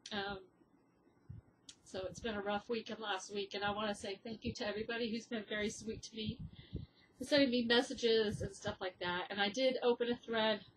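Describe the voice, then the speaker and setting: A woman podcaster in casual chat, with a mid-range voice. She talks in a chatty way with many ums and uhs, and sounds teary and grieving. Faint noise sits behind her. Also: mid-range voice. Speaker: podcast host.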